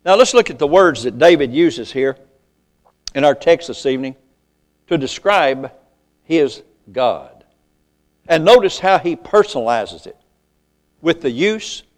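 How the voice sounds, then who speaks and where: Folksy older preacher with a drawl. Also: male voice, mid-range voice. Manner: folksy, calls out to the congregation, slows down to recite scripture. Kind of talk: sermon. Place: church.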